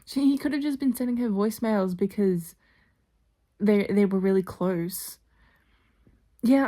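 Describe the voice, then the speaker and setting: A young adult woman rambling excitedly in a casual reaction vlog, gushing over a TV series. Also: medium pitch, measured pace, pauses often.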